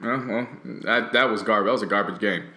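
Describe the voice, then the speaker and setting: A man co-hosts a casual podcast in easy, teasing banter. His voice has a bright, forceful edge. The sound is roomy and echoey. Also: on the low side, quick pace. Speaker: podcast co-host. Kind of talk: casual chat. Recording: roomy echo.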